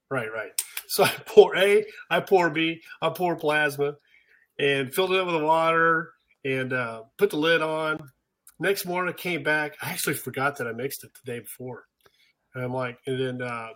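An older man, a guest on a podcast, telling stories in casual chat and acting out the people he quotes. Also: a little high. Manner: animated storyteller, acts out quotes. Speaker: podcast guest, pro turf manager.

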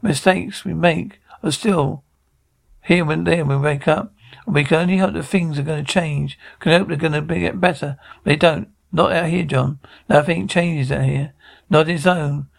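An actor with an Australian accent playing a jaded, hard-drinking outback doctor in a dark TV drama, talking in a wry, brooding way. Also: male voice, a little high, steady tone, moderate pace, vocal fry. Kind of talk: dark television drama acting.

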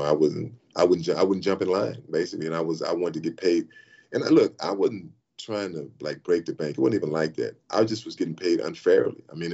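A man in his sixties telling stories as an interview guest, animated, with frequent restarts and repeated "I mean". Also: low-pitched, dull audio. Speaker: interview guest, former pro athlete. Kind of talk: animated storytelling in conversation.

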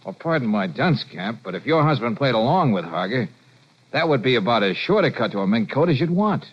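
A man's voice: medium pitch, sing-song, brisk, breathy edge. A man playing a wry, laid-back private detective in 1940s radio acting. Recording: dull lo-fi old radio recording.

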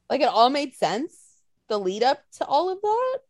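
A woman's voice: high voice, measured pace, no echo, studio quality. A woman co-hosting a casual chat, telling stories with lots of swearing and acted-out quotes. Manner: animated storytelling, swears a lot, acts out quotes.

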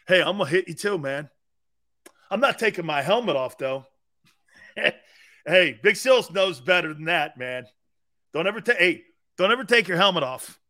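A middle-aged American man hosting a sports radio show, brash and laughing, swinging from shouting to muttering as he swears and riffs. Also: fairly high pitch. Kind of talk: loud casual sports talk.

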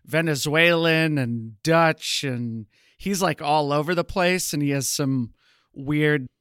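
A man's voice: on the high side, takes it slowly, a bit bright, clear, resonant tone, dry recording, studio quality. A man co-hosting a podcast, chatting casually with jokes and rambling tangents. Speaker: podcast co-host. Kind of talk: casual chat.

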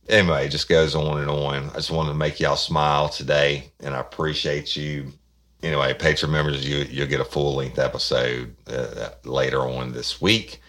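A man's voice: extremely low pitch, a bit bright. A man hosting a podcast, talking casually in a rambling, folksy way to his listeners. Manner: rambling, folksy, many restarts. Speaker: podcast host. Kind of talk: casual chat.

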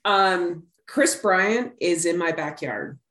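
A woman's voice: on the low side, very animated, takes it slowly, a bit bright, roomy sound. A middle-aged woman co-hosting a sports podcast, chatting casually with a rambling, filler-heavy way of talking. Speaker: podcast co-host.

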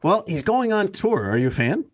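A man's voice: high-pitched, very animated, moderate pace. A man hosting a radio talk show, rambling and teasing his co-hosts in casual chat. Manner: rambling, teasing, meandering asides.

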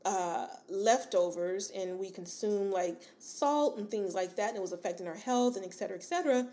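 A woman who has a daughter hosts a solo podcast, talking casually and encouragingly to her listeners and calling them "sis." She's chatty and rambling, full of fillers and asides, in a medium-pitched, slightly mellow voice.

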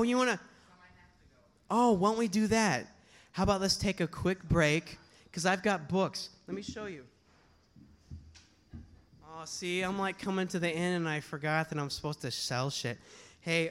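A man, a touring slam poet, telling a comic story live on stage, animated and casually profane. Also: high-pitched. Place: poetry slam venue, live audience.

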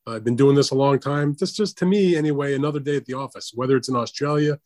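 A man co-hosting a casual boxing talk show, giving plain-spoken, measured analysis. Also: medium pitch, a little mellow. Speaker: podcast co-host.

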